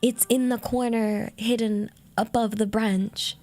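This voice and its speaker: A woman's voice: fairly high pitch, level tone, takes it slowly, darkish tone, no room sound. A British woman streamer chatting casually, rambling and giggling, with lots of fillers. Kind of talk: casual chat.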